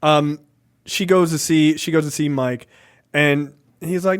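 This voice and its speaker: A man's voice: fairly high pitch, a little slow, smooth. A man co-hosting a casual movie review chat, acting out the characters' lines. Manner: animated, acts out characters' lines. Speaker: podcast co-host.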